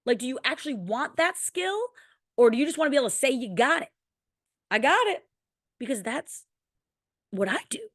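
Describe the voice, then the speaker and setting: A woman's voice: high voice, lively intonation, a little fast, no room sound, studio quality. A woman in her thirties hosting a podcast, talking candidly and emotionally in a personal monologue and swearing casually. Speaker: podcast host.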